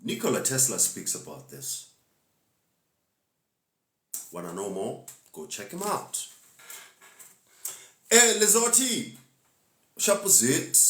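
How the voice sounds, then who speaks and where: A man's voice: medium pitch, big pitch swings, slow, pauses often, fairly bright tone, echoey room. A man gives a laid-back, preachy spiritual talk to live-stream viewers and laughs often.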